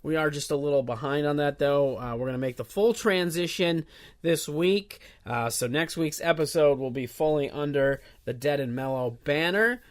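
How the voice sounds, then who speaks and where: A man's voice: on the high side, moderate pace. Casual rambling podcast host, man. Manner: casual, rambling, many filler uhs. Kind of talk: solo podcast intro announcements.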